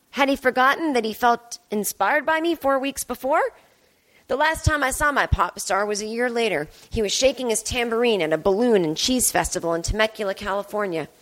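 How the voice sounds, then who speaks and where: A woman's voice: a little high, a bit bright. A woman in her fifties hosting a podcast, telling a candid, wry personal story in a monologue from home. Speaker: podcast host.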